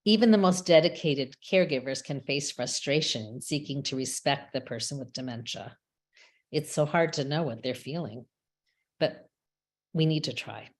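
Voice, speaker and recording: A woman giving a measured, reflective prepared talk as a webinar speaker, with small restarts now and then. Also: very deep voice. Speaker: rabbi and chaplain speaker. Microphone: webinar microphone.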